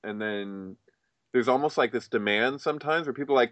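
A man in casual chat who swears often and acts out other people's lines in a raised, excited voice. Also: mid-range voice, brisk, no echo.

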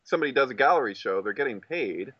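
Man on dull, dry audio, measured chat. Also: mid-range voice, expressive, pushed and bright, slightly rough, no room sound. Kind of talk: casual conversation.

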